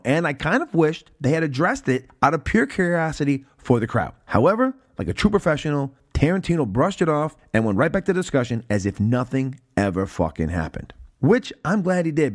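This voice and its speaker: A man's voice: fairly high pitch, no room sound. A man telling a profane, sarcastic story as a podcast host, recorded close on a mic. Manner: animated, heavy cursing, sarcastic.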